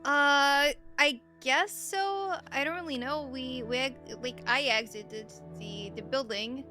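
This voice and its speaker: A woman's voice: high voice, slow pace, pushed and bright, soft background music. A woman playing her character in a tabletop game, answering in an evasive, offhand way. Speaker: player. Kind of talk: in-character tabletop role-play.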